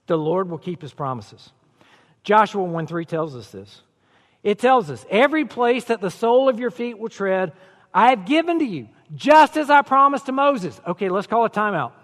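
A man delivers a sermon in a relaxed, conversational way that climbs into emphatic declarations. His voice sits very high for a man. The sound carries the long reverb of a large church sanctuary. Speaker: pastor.

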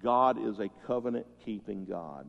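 A pastor preaching a sermon, telling stories that swell loud and then drop soft. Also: male voice, lowish voice, lively intonation, normal speed, gravelly. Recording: muffled sound with long hall reverb.

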